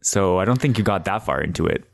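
A man from Canada co-hosting a podcast, relaxed and dryly teasing in casual chat. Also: deep voice, fast talker, creaky, dry recording, clean studio sound. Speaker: podcast co-host.

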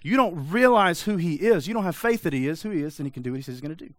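A man delivering a sermon in a fairly high voice, pushing hard with question after question. His manner is direct and urgent, and the recording is dry and close, with no room sound. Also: lively intonation, fast talker, few pauses, fairly bright tone, dry recording. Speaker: pastor.

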